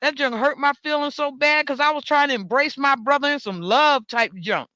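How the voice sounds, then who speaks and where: American host, casual monologue rant, emphatic and repetitive, high bright voice. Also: moderate pace, no room sound. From United States. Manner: emphatic, repetitive storytelling with cursing. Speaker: talk show host.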